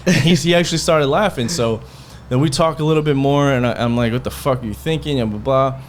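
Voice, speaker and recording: A man's voice: medium pitch, fast, a little hiss or hum. Man telling a heated story on a podcast. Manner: heated, profane, rambling retelling with quoted dialogue. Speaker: podcast host. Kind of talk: casual storytelling.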